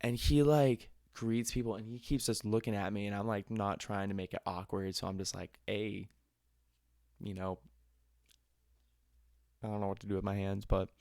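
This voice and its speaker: A man's voice: lowish voice, a little mellow, dry recording, clean studio sound. A young man, host of a podcast, telling a rambling, profane story in a casual way.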